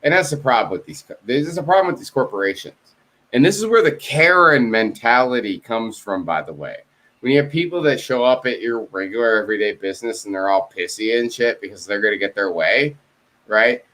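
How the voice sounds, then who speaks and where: In a casual video chat, a male co-host with a mid-range, slightly bright voice tells a heavily profane story. He acts out both parties in a series of phone calls.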